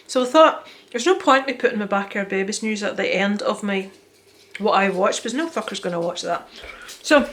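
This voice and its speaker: A woman, chatting casually to a handheld phone camera at home, excitable, sweary and self-deprecating. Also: medium pitch, a little fast. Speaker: vlogger. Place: home, indoors.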